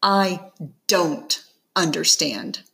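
A woman reads a protective mother, curt and sharp, in an audiobook. Her words come clipped and forceful, pitched above the narrator's usual voice. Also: lively intonation, extremely slow, gravelly, heavily acted. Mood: angry. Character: upset, protective mother, middle-aged woman. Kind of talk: audiobook character reading.

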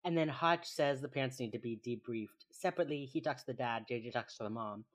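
Chatty podcast co-host recapping an episode. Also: mid-range voice. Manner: chatty, quick asides, frequent "like" fillers. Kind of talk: casual episode recap chat.

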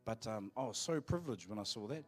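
New Zealand pastor, casual preaching. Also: male voice, lowish voice, animated, faint music behind. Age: 40s. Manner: conversational and anecdotal, with quick asides to the congregation. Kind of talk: sermon. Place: church auditorium.

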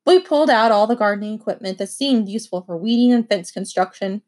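Lady reading a kids' chapter book out loud, expressive, middle pitch. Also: fast. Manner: expressive first-person narration. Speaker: audiobook reader. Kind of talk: reading a children's novel aloud.

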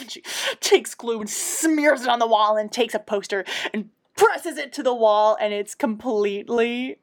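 A woman's voice: on the high side, normal speed. A young woman co-hosting a podcast, retelling episodes in casual chat, swearing and laughing often. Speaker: podcast co-host.

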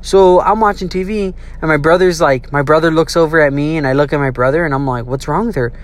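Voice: mid-range voice, fast. A young adult casually telling a childhood story, swearing freely and acting out the people in it. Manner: profane, animated, acts out quotes.

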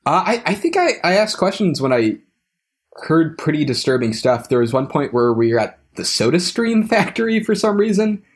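A man's voice: a little high, big pitch swings, moderate pace, slightly rough. A young man telling a story as a podcast guest, hesitant, with frequent restarts and trailing phrases. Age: young adult. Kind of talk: casual conversational storytelling.

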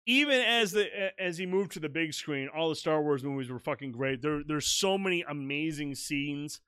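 A man co-hosting a casual podcast chat, tipsy and slurring a little, loud, excitable and profane. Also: fairly high pitch, normal speed, clear, resonant tone, dry recording. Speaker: podcast co-host.

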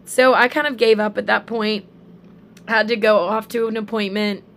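Young woman, casual storyteller, lots of fillers, gravelly fry, faint background hiss. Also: medium pitch, normal speed. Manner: animated storytelling with many fillers. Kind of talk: casual faith chat.

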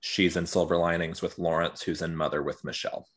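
A man co-hosting a casual podcast over a video call, laughing often and speaking in quick bursts. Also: low voice, steady tone. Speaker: podcast co-host. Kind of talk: casual chat.

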